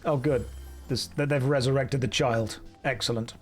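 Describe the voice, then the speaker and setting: A young man chats through a game live on stream, cracking dry, sarcastic jokes as he plays. His voice sits at an ordinary middle pitch for a man. Faint music runs quietly behind him. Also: steady tone, normal speed. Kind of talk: casual live game commentary. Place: warm indoor room.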